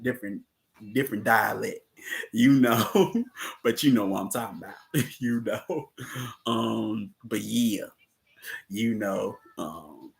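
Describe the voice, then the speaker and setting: A man's voice: medium pitch, fairly bright tone. A man hosting a casual movie talk, laughing often and repeating words as he talks to his audience. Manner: talks to the audience with "you know what I'm saying". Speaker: host of a movie discussion class. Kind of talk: casual chat.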